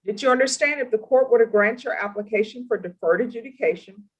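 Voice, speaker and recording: A woman judge in a courtroom, asking formal, deliberate questions in a stern manner. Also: a little high, husky, poor audio. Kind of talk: courtroom plea hearing.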